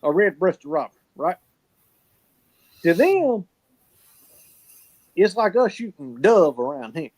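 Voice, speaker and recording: A man's voice: high-pitched, sing-song, takes it slowly, long pauses, a little mellow. A man telling folksy stories in casual chat, swearing freely and laughing often. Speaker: podcast co-host.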